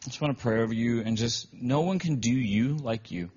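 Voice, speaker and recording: A man's voice: mid-range voice, fairly quick, a little mellow, a little hiss or hum. A man preaching a sermon in a conversational, storytelling way, often emotional. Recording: dull lo-fi recording.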